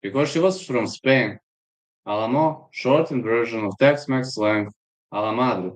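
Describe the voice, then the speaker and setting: A man's voice: mid-range voice, unhurried, poor audio. A man with a Serbian accent, hosting a live fight stream and chatting in a rambling, storytelling way while reading chat aloud.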